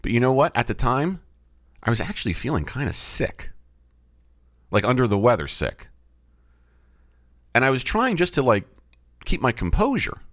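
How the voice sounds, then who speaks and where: A man's voice: mid-range voice, sing-song, normal speed, pauses often, a bit bright, dry recording. A man, middle-aged, hosting a podcast and thinking aloud, often asking himself questions and restarting his sentences. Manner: musing, asks himself questions, frequent restarts. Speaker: podcast host and baseball umpire. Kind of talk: reflective solo podcast talk. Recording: dry close-miked studio sound.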